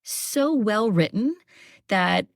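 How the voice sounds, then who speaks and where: A chatty woman narrator talking as an interview guest, animated and loose, full of fillers. Her voice sits at a middle pitch and is recorded dry and close. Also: slow, gravelly, no room sound. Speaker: audiobook narrator and actress, guest. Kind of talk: casual interview chat. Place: Southeast Texas.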